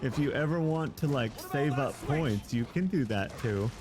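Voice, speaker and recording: A man's voice: mid-range voice, animated, moderate pace. A man streaming a game live, chatting with viewers and joking around. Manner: playful, joking, laughs often. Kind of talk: casual live gameplay commentary.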